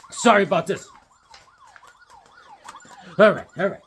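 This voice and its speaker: Husky, animated comic-book vlogger man. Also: on the high side, moderate pace. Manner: joking, rambling, animated riffing. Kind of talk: comedic casual monologue.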